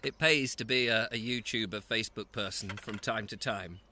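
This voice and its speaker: Male host, bright voice, relaxed outdoor live chat, lapel mic, faint hiss. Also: lowish voice, normal speed. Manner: chatty, reads out viewer comments between mouthfuls. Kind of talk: casual live-stream chat. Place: outdoors at an allotment.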